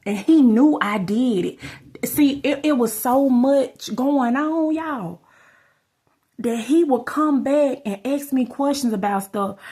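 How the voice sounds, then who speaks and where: A woman's voice: sits high, slow, mellow, husky. A woman, talking straight to her viewers in a rambling, casual storytelling vlog. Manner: rambling, addresses viewers as y'all. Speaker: vlogger.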